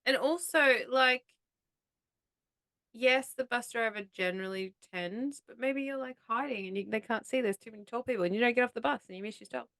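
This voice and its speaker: Gravelly-voiced woman, dry mic. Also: fairly high pitch, brisk, a bit bright, no room sound. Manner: wry, teasing quips. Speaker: podcast co-host. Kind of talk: casual chat.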